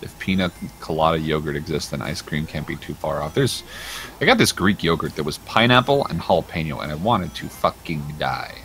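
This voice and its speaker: Animated bright-voiced man on a game stream. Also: a little fast. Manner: animated, swearing, laughing, does squeaky impressions while retelling videos. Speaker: livestream host. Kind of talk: casual gaming livestream chat.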